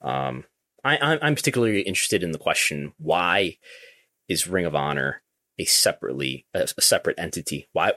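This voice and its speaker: A man's voice: a bass voice, sharp tone, no room sound, clean studio sound. A man hosting a business podcast, talking casually and thinking aloud, often restarting his sentences. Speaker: podcast host.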